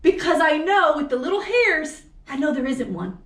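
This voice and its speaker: A woman co-host vents in an angry, profane political rant, firing off question after question. Her voice sits very high. The room around her rings with echo. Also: sing-song, normal speed. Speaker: podcast co-host. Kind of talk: heated political chat. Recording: echoey room.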